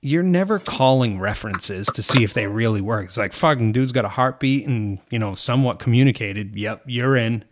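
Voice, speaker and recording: A man's voice: mid-range voice, animated, moderate pace, few pauses, slight background noise. A man who runs a golf course crew, talking bluntly in casual chat, swearing freely and acting out what he says to his workers.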